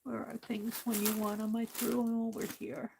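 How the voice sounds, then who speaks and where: A woman's voice: on the high side, little pitch movement, gravelly, background noise. A woman hosting a crafting livestream, chatting casually and talking to herself while she works. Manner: slow, chatty, talks to herself while working.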